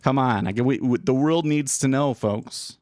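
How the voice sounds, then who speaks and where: A man's voice: medium pitch, a little slow, a little mellow, no room sound, studio quality. A man hosting a live day trading stream, thinking aloud and rambling in a casual, self-deprecating way. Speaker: day trading livestream host. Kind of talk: live market commentary.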